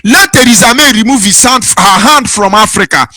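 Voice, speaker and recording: Nigerian man, host, high-pitched and fervent, lilting preacher-like delivery, dry close sound. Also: expressive, moderate pace, sharp tone, dry recording. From southeastern Nigeria. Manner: fervent, sing-song preaching cadence. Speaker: online broadcast host. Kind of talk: impassioned political monologue.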